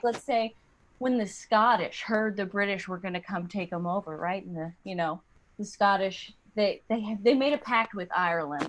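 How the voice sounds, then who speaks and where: A woman's voice: medium pitch, fairly bright tone, slight background noise. A young woman performing a playful stand-up set over a video call, slipping in and out of silly accents. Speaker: stand-up comedian. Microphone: computer mic on a video call.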